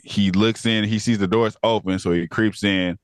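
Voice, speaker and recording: Podcast co-host, man, low voice, animated recap, dry close mic. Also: moderate pace, dry recording. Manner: laughing, animated retelling of plot with quoted lines. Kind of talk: casual review chat.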